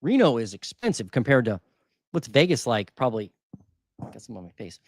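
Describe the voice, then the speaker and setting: With big pitch swings and a slightly fast pace, a medium-pitched man comments on market data for his housing market channel. The recording is dry, with clean studio sound. He keeps it casual and live, thinking aloud and repeating the figures.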